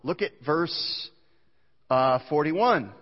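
A man's voice: on the high side, lively intonation, very slow. Pastor, male, earnest sermon delivery, reverberant muffled church recording. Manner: earnest preaching, reads scripture aloud, small restarts. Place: church sanctuary.

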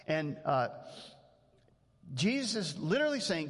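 A man's voice: medium pitch, moderate pace. A man preaching a sermon as pastor, earnest and conversational, with frequent restarts. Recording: long hall reverb.

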